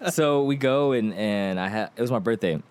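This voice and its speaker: A man's voice: mid-range voice, brisk, a little mellow, clean tone. A young man casually telling a long, rambling story on a podcast, often laughing as he goes. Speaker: podcast co-host.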